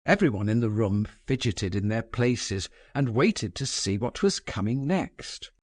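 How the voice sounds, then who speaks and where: A man reading a classic novel aloud as audiobook narrator, with a measured, expressive delivery. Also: medium pitch, dry recording, studio quality. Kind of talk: scripted narration.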